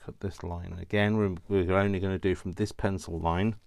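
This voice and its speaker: A man's voice: deep voice, flat delivery, normal speed, creaky, darkish tone, no echo. A man hosting a casual crafting tutorial at home, chatty and self-correcting, drifting into rambling asides.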